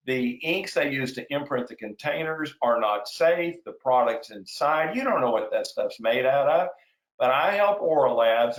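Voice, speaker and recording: Excitable salesman, echoey room. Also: medium pitch. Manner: excitable, gets wound up, then reins himself in. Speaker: sales trainer hosting a webinar. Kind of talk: energetic sales webinar talk.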